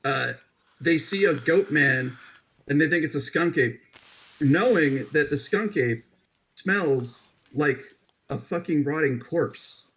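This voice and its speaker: Husky-voiced man, joking podcast host. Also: on the high side, slow pace, fairly bright tone, rough recording. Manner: joking, swears often, restarts sentences. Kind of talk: casual, profane podcast banter.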